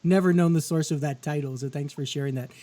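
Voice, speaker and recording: A man's voice: on the high side, steady tone, fast talker, a crowd in the background. A man hosting a music podcast, chatting in an easygoing way and asking follow-up questions. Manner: easygoing, conversational, asks follow-ups. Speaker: podcast host. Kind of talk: casual interview chat.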